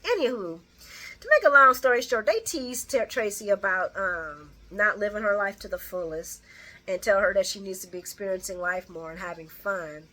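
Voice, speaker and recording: Brief: woman host, bright chatty delivery, rambling casual recap with restarts. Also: mid-range voice, moderate pace. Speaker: soap opera recap host.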